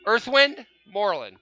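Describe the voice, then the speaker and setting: A man with a high-sitting, pushed and bright voice hosts a casual fan podcast, running a name quiz during a panel chat. He jokes and laughs often while spelling out names.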